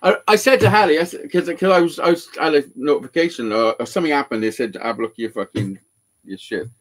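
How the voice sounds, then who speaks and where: A man who repairs guitars, telling a story in casual live-show chat with lots of swearing and excitement. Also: fairly high pitch, quick pace.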